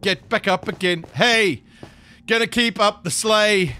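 A man commentating live gameplay, excitable and chattering to the creatures in his game. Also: sits high, unhurried. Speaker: gaming streamer.

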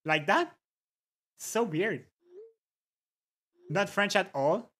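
A livestreamer chats at a relaxed, drawn-out pace over a desk microphone. Viewer names get a quick hello between musings, and funny words get repeated just to savor them. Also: mid-range voice. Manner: reads chat aloud and greets viewers between musings. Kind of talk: casual livestream chat.

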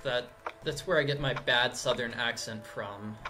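A woman's voice: a bass voice, measured pace, music in the background. A woman chatting offhandedly and joking while a friend plays a video game. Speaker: let's-play co-host. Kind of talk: casual gameplay chat.

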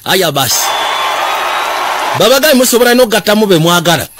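A man with a Ugandan accent narrating and translating a film, excited and often shouting. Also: high voice, a little fast, over a noisy crowd, heavy background noise. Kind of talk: lively voice-over commentary on a film. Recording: film soundtrack music underneath.

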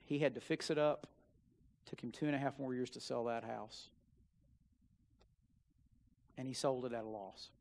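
A young man, a student minister, preaching a sermon built on a personal story, dropping to quiet asides and rising to loud emphatic bursts. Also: mid-range voice, moderate pace, vocal fry, long pauses. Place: church sanctuary.

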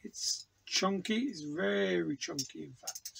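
A man's voice: sits high, slow, creaky, a bit bright, a little hiss or hum, poor audio. An English man reviewing hot sauce in a casual, enthusiastic, rambling way, tasting aloud in a home studio. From England. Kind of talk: casual product review vlog.

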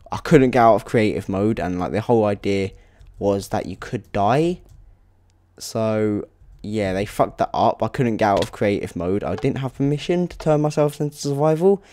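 A young gaming channel host provides let's play commentary in a fairly low, dark voice on a dry recording. He sounds exasperated and rambling, and he swears.

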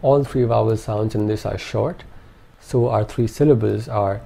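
Gravelly, mellow man teaching pronunciation. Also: lowish voice, fairly even intonation. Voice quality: measured, precise enunciation. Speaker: language teacher. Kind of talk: instructional narration.

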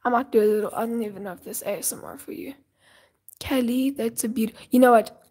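A teenage girl live-streams while she colors, chatting and fretting in a dramatic, rambling way. Her voice sits a touch high and sounds mellow and very breathy. She keeps slipping into whispers. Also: racing.

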